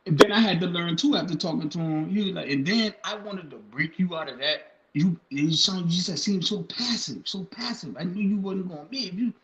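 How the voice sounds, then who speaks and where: A young adult man, chatting casually on a podcast in an animated way and slipping into high acted bits. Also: fairly quick. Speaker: podcast co-host. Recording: echoey room, dull lo-fi sound.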